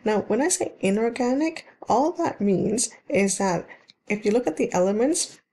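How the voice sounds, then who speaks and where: A woman's voice: a little high, lively intonation, normal speed, dark tone. A woman teaching dental hygiene in a recorded slide lecture, explaining in plain terms and repeating key points, with frequent ums and restarts.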